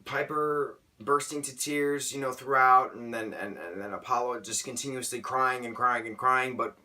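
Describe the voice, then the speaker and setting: A young man reviewing a book in a casual vlog, rambling and excitable, often stammering and restarting. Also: mid-range voice, normal speed, recorded from a distance.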